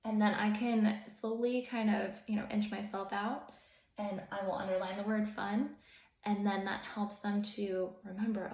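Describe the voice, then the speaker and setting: A woman's voice: medium pitch, little pitch movement, a little slow, a little mellow. A young adult woman teacher hosting an upbeat instructional video, cheerful and encouraging with sing-song emphasis. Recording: echoey room.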